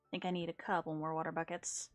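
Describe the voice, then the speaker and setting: Her voice is low-pitched and fairly flat, and she talks fast. She's a young woman streaming a game with casual chatter, self-mockery and hummed sound effects, with soft music behind her.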